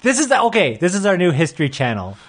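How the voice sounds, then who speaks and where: A man with a fairly high voice swings his pitch wildly as he reads out questions and jokes. His giggly, animated delivery keeps the crude banter bouncing along. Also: fast. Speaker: podcast co-host.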